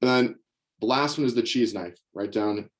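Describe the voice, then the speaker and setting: A man's voice: mid-range voice, normal speed. Young guy coaching sales reps, pumped up, keeps saying write this down. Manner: energetic, coaching, repeats key phrases for note-taking. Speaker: sales trainer. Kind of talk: sales training session. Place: indoors with knives on a table.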